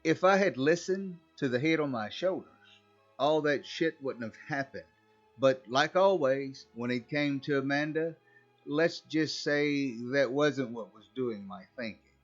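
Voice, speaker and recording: A man recounts a horror story in the first person, wry and conversational, his pitch ordinary for a man and his pace a little slow. Faint music plays under him, and the recording is slightly dull and muffled.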